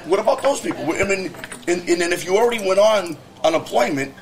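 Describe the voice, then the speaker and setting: Brief: male podcast guest, higher-pitched, fast heated profane rants. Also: expressive, crowd noise. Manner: heated, profane storytelling rant; quick, emphatic talk. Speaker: guest, business owner. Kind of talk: casual podcast conversation.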